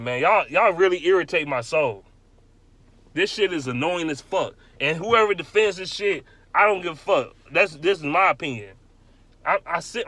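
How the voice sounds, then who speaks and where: Fired-up ranting man, high and forceful. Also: dry recording. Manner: angry, blunt, repeats himself for emphasis. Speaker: sports fan vlogger. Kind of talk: heated profane rant.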